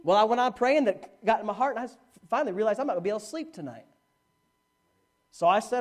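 Animated male preacher telling a story. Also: high voice, fast talker. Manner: animated storytelling, swinging from hushed to shouting. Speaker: pastor. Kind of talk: sermon.

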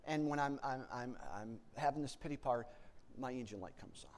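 A man preaching, telling a story from his own life, swinging between hushed low passages and loud excited outbursts, often repeating words as he restarts. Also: fairly quick. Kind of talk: sermon storytelling.

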